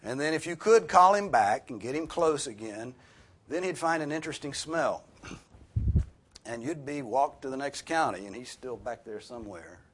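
Husky pastor preaching with lively pitch. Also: male voice, moderate pace. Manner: earnest preaching, rising emphatically on key points. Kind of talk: sermon.

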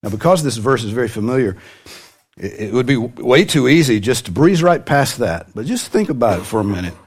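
A man's voice: medium pitch, very animated, fairly quick, husky. A man preaching a sermon to a congregation, with light humor and sudden rises in his voice for emphasis. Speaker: pastor.

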